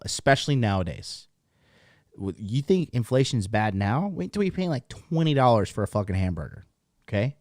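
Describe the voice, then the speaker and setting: A man's voice: mid-range voice, animated, moderate pace, a little mellow, no echo, clean studio sound. A man hosting a dating channel, ranting bluntly in a casual rambling way with lots of swearing. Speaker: dating coach host. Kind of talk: casual profane rant to camera. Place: seated at a desk, indoors.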